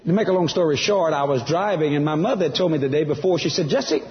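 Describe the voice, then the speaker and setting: A man's voice: on the high side, fast talker, big-room sound, lo-fi sound. A man giving a testimony sermon, telling his story with animation and acting out the other voices. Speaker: preacher.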